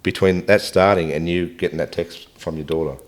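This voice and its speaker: A man hosting a podcast interview, relaxed, asking follow-up questions. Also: low-pitched, brisk. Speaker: podcast host. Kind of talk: casual interview.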